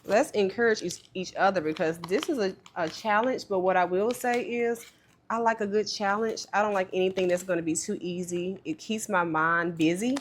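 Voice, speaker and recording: A woman's voice: mid-range voice, normal speed, slight background noise. A woman casually talking viewers through stuffing cash into budget envelopes, chatty and self-deprecating. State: tearful, voice breaking. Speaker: budgeting vlogger.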